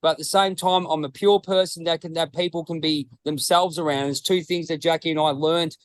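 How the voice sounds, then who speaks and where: An Australian man chats loosely on a podcast, restarting sentences and swearing freely. His voice sits fairly high. The recording is dry and close. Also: steady tone, fairly quick, dry recording, poor audio. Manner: rambling, swearing, restarts often. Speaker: podcast co-host. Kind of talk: casual chat.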